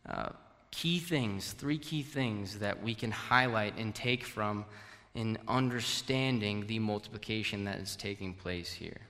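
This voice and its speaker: A man's voice: medium pitch, bright, forceful tone. A man whose first language is Portuguese, preaching a conversational sermon to a congregation and asking them questions. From Portuguese-speaking country. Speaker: pastor. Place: church hall. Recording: long hall reverb.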